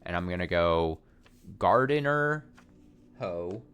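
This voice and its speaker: Low-voiced man thinking aloud over a game. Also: animated, slow, fairly bright tone, clean tone. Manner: thinks aloud, swears casually, self-mocking. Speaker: let's play streamer. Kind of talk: casual gameplay commentary.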